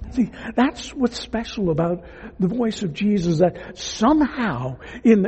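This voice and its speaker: A man preaching a sermon as a pastor, earnest and emphatic, at times dropping to a hush. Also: high voice, husky, long reverb tail, muffled recording. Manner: earnest, emphatic preaching that drops to hushed tones.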